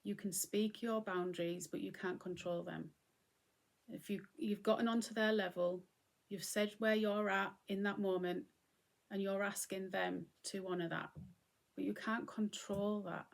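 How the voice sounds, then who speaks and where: Lady talking gently about mindfulness, bit of fry in her voice, chatty and reflective. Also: medium pitch, steady tone, measured pace. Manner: gentle, conversational, often acting out what she would say. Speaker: host.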